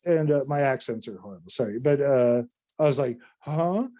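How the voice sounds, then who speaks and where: A man from North Carolina, a podcast guest, telling a long story in an animated, rambling way, with casual swearing and many restarts. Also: mid-range voice, a little fast.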